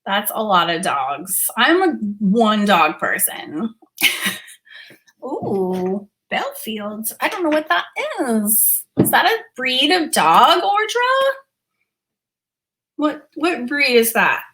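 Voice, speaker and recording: Young woman, art teacher live from home; bright, animated, chatty with viewers. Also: a little high, slow pace, a little hiss or hum. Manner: chatty, reads out viewer comments, coos at her dog. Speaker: art teacher hosting a livestream. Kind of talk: casual livestream chat. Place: home studio room.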